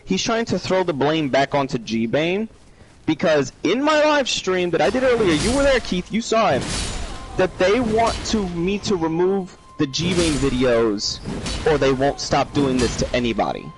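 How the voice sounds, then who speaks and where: A man from New York with a New York accent, chatting casually on a podcast as a live streamer, rambling with halting restarts. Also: on the high side, animated, music in the background, low-quality recording.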